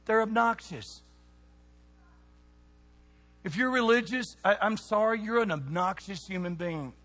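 A man preaching a sermon to young people, animated and throwing questions out to the crowd. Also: high-pitched, unhurried. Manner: animated, asks the audience questions. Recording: long hall reverb.

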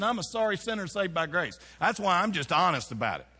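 Man, pastor, folksy sermon, rhetorical questions, fairly high voice, long church-hall reverb. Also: brisk, slightly rough. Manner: folksy, animated preaching with rhetorical questions to the congregation. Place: church sanctuary.

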